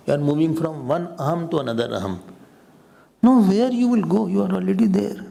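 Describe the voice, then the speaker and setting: A man's voice: fairly high pitch, vocal fry. A man with an Indian accent giving a spiritual talk to a live audience, teasing listeners and laughing between points. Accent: Indian English. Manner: lively storyteller who acts out quoted voices. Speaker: swami teaching scripture.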